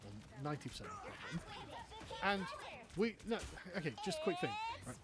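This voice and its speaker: On a live stream, a man from England rants about politics with profanity and sarcasm. He sounds very animated, speaking briskly at a fairly high pitch.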